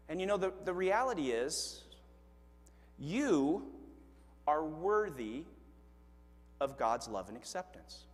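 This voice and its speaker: A man's voice: fairly high pitch, slow pace, pauses often. A man preaching a sermon as pastor, telling funny stories with acted-out quotes and poking fun at himself. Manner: animated storytelling with acted-out quotes; self-deprecating humor. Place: church sanctuary. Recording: long hall reverb. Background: congregation laughing.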